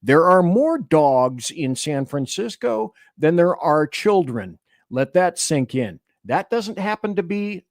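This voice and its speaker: A man's voice: fairly high pitch, big pitch swings, measured pace, dry recording, clean studio sound. A man hosting a political talk radio show, delivering emphatic commentary and reading listener chat aloud. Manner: emphatic, declamatory.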